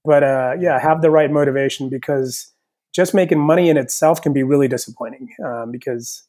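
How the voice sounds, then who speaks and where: A man's voice: mid-range voice, a little fast. A man from south India, raised partly in the US, talking casually as a chef and author guest on an interview podcast. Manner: relaxed, thoughtful, frequent "you know".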